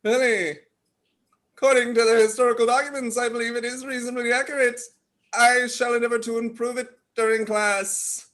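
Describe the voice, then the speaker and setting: A woman's voice: on the high side, level tone, fairly quick, a bit bright, lightly acted. A woman playing a formal, literal-minded alien posing as a human newcomer in a comedy sketch rehearsal on a video call. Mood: earnest.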